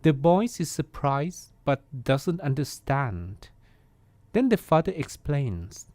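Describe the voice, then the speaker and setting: A man, a Buddhist monk, hosting a podcast and giving a calm, reflective meditation talk. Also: on the high side, slow, dry recording.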